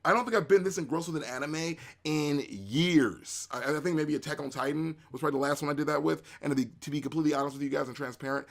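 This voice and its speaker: A man hosting a casual spoken review, excitable and rambling, with many fillers and restarts. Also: on the high side, fast, vocal fry, few pauses. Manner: acts out reactions in quoted asides. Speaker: anime reviewer, show host.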